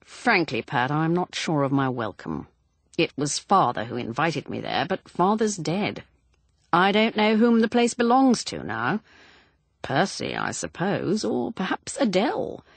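A woman voicing a guarded, protective grown son who talks in a firm, measured way. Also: low-pitched, big pitch swings, gravelly, no room sound, exaggerated voice.

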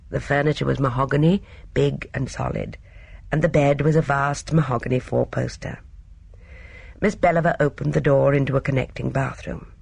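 A measured audiobook narrator with a gravelly, fry-edged voice at a middle pitch. The reading is steady and even. The recording is close and dry, with no room sound. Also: no room sound. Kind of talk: scripted narration.

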